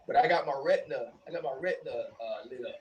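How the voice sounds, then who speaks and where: A man co-hosting a casual talk show, telling animated stories and laughing often. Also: medium pitch, fast, far from the mic, dull audio. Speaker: co-host. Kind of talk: casual chat.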